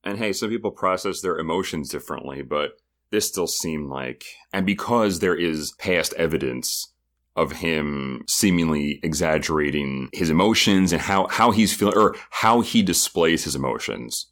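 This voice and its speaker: A man's voice: a bass voice, a bit bright. A man co-hosting a podcast, recapping episodes in a chatty, joking way. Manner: chatty, joking, does quick impressions of people. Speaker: podcast co-host. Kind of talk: casual recap chat.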